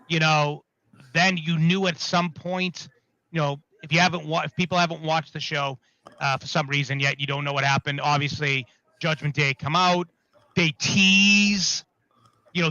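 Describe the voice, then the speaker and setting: A man in the host's chair, talking wrestling casually and steering the talk. His voice is bright and on the higher side, and he rambles and corrects himself mid-sentence. The recording is dry and a touch dull. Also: no room sound. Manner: rambling, self-correcting, leads the discussion. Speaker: podcast host.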